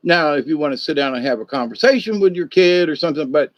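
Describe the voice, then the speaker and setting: Here the older livestream host talks fast, his slightly high voice full of lively intonation as he meanders through a folksy story with many asides. The lo-fi audio is dull and dry, with no room sound.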